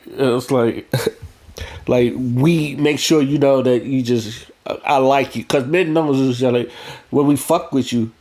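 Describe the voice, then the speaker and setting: A man's voice: mid-range voice, a little mellow. A man talking bluntly in a casual monologue, profane and rambling, restarting his sentences as he goes. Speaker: vlogger.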